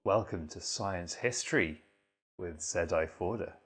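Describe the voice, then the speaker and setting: A man hosting a mock reading and lecture, delivering it deadpan with sudden swearing asides. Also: low voice, a little slow, breathy edge. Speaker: host reading aloud.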